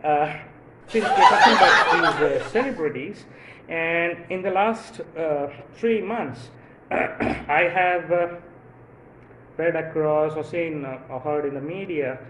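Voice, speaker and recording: A man's voice: a little high, sing-song, slow, a bit bright, roomy sound, slight background noise, low-quality recording. A man from India doing a rambling stand-up comedy monologue, full of fillers and chuckles at his own jokes.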